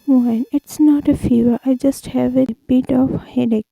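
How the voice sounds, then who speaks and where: A woman's voice: high voice, fairly even intonation, moderate pace, creaky, mellow, dry recording, poor audio. A woman voicing a heartbroken young woman who talks in a curt, withdrawn way, read for a spoken fanfiction story. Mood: insisting.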